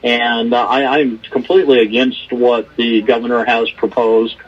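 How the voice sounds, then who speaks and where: Man, caller testifying, earnest and firm, husky voice, dull phone sound. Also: medium pitch, flat delivery, moderate pace. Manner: earnest, firm, stumbling restarts. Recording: muffled phone line.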